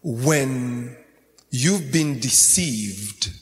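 A man's voice: mid-range voice, lively intonation, drawn-out words, in a large hall. A man preaching a sermon in a sing-song, chanting style, repeating phrases as he goes.

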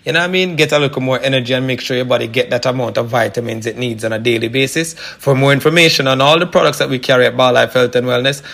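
Man, company president, radio guest, promotional tone, bright crisp voice. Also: mid-range voice, quick pace, few pauses. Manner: promotional, repeats phone number. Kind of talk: radio guest advertising products.

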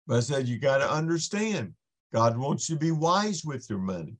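A man's voice: medium pitch, big pitch swings, normal speed. A man, a podcast guest, giving an impassioned faith testimony in an earnest storytelling manner with frequent restarts.

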